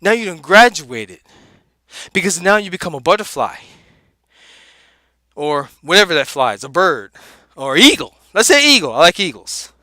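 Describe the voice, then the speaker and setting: A man puts on a laid-back, street-talking comedic guy with a very high, bright, forceful voice. He preaches in an animated way and spits out strings of repeated words. The sound is dry and close. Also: moderate pace, long pauses, no room sound, heavily acted. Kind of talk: animated motivational rant.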